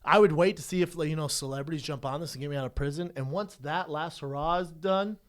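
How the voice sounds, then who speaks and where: A man co-hosting a podcast in casual chat, joking and quick to riff and tease. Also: fairly high pitch. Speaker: podcast co-host.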